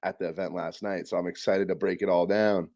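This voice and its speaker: A young man as guest co-host on a casual chat show, rambling through animated stories. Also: sits low, brisk. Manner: rambling storyteller, animated quoting.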